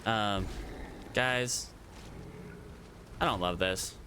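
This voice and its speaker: A man's voice: lowish voice, extremely slow, background noise. A man casually commenting as he streams a game, chatting to viewers and to creatures on screen.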